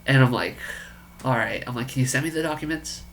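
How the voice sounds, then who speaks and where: A man telling a story about a friend's business pitch in a casual, incredulous way, acting out the dialogue. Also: a little fast, creaky, a bit bright, a little hiss or hum. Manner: incredulous, quoting others in dialogue.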